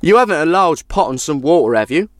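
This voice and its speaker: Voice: medium pitch, sing-song, fast talker, no echo, clean studio sound, voice pushed up, lightly acted. A storyteller voicing a hungry, crafty traveller who coaxes an old woman with a tall tale. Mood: coaxing. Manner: coaxing, persuasive. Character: hungry, crafty wandering man.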